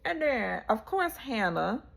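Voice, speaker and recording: Gravelly woman recapping a reality show. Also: medium pitch, a little slow. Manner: animated storytelling, acting out quotes. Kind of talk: casual chat.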